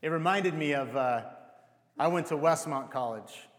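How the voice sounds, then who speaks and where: Casual young preacher in a reverberant hall. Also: male voice, fairly high pitch, moderate pace. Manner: conversational and self-deprecating, with rhetorical questions. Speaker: pastor. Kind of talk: sermon.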